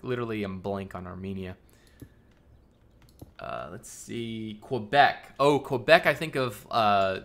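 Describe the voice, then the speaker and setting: A man's voice: mid-range voice, creaky, sharp tone. A man streaming live and chatting casually with viewers, thinking aloud in a rambling way and laughing often.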